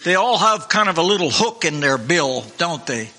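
A man preaching a sermon in a fervent, repetitive way, clearing his throat now and then. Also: on the high side, sing-song, normal speed, pushed and bright. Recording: long hall reverb.

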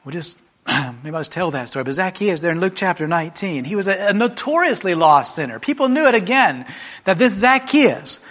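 A man preaching a sermon, telling a story emphatically and swinging from a hushed voice to a raised one. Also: sits high, very animated, fairly quick.

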